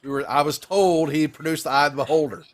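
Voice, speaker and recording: A man's voice: a little high, fast talker, slight background noise. A man hosting and running a tabletop role-playing game, talking in a rambling, laid-back, self-deprecating way. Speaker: dungeon master. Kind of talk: casual game mastering.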